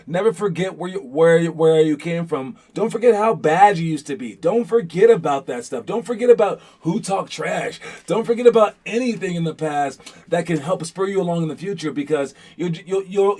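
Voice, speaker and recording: Young male host, slightly high voice, casual and rambling, talks a team through motivation with lots of restarts. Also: expressive, moderate pace, few pauses, darkish tone. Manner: rambling, many restarts and "all right?" check-ins. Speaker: host of a youth basketball show.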